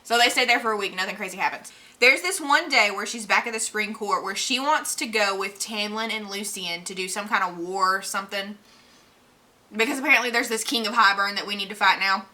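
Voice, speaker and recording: A chatty woman vlogger with a bright, forceful voice rambles through a book recap. She talks casually and leans on plenty of fillers as she goes. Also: mid-range voice, brisk.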